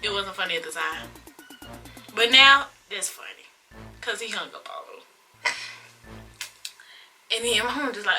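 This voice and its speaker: An eighteen-year-old woman telling a personal story to her viewers in a casual, expressive, drawn-out way. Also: mid-range voice, soft background music. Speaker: vlogger.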